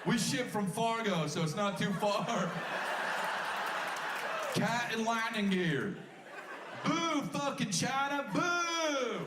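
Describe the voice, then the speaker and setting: A male comedian doing crowd work, mocking and swearing with loud bursts, recorded live from a distance in a club. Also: very high-pitched, animated, slow pace, pauses often, echoey room, very noisy.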